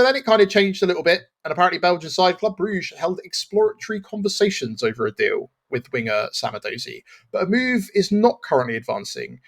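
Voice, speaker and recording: Man, podcast host, casual chat, rambling, fairly high voice. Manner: rambling, laughs at himself.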